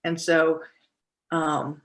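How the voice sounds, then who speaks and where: A middle-aged woman recounting a personal story as a podcast guest, speaking haltingly with many fillers and restarts. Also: low-pitched, monotone, a loud crowd.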